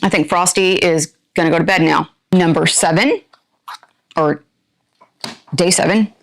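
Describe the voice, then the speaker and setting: A woman's voice: on the low side, unhurried. A woman reviewing products on her channel, chatting to viewers in a playful, put-on rural drawl as she unboxes. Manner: talks to viewers while opening items.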